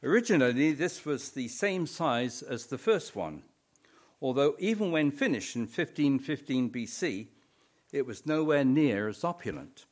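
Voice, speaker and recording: A man's voice: medium pitch, sing-song, a little slow. A middle-aged man preaching a sermon, telling stories with wry humor and repeating words for emphasis.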